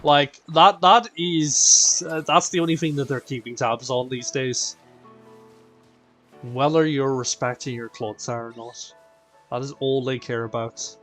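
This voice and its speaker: A man's voice: mid-range voice, a little slow. A man hosting a live stream, chatting playfully with his viewers. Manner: animated and playful, addressing chat as "people". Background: faint game music.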